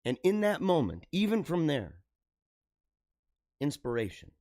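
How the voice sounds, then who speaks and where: Man, middle-aged, livestream host, earnest, halting, repeats himself, slightly high voice, dry recording. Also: sing-song, darkish tone, no room sound. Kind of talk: emotional personal monologue to viewers.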